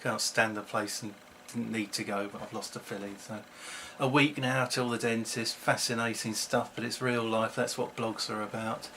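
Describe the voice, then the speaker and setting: A man's voice: fairly low pitch, fairly even intonation, moderate pace, few pauses, fairly bright tone, a little hiss or hum. A middle-aged man, chatting to camera at home in a rambling, self-mocking way. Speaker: vlogger. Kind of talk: casual chat to camera.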